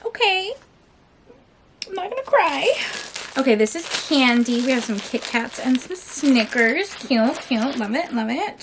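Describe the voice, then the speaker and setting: A woman's voice: high-pitched, sing-song, moderate pace, background noise. A woman hosting her book channel in a casual vlog, gushing with enthusiasm and often repeating her phrases. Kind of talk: casual vlog unboxing chat.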